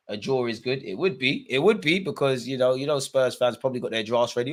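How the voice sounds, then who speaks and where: A man hosting a live football watch-along, chatting to viewers and shouting at players and the referee. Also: mid-range voice, fast. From Eritrean heritage. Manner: excitable, shouts at players and ref; chatty, joking asides. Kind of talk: live match commentary to viewers.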